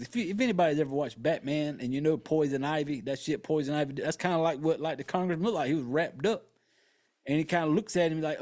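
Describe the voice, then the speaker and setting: A man's voice: on the high side, a little mellow. A man hosting a podcast, casually and profanely retelling a horror movie's plot with joking asides. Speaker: podcast host.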